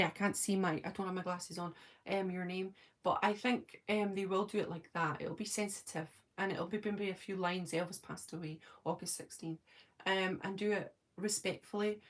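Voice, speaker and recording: A woman in her forties with a Scottish accent, casually chatting on a live stream and answering viewers' comments, talking fast when excited and filling pauses with ums. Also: medium pitch. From Scotland. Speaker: live-stream host reading chat.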